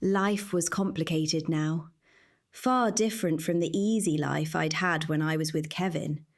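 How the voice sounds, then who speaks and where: A woman narrating a first-person cozy mystery audiobook in a measured, wry way. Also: low voice.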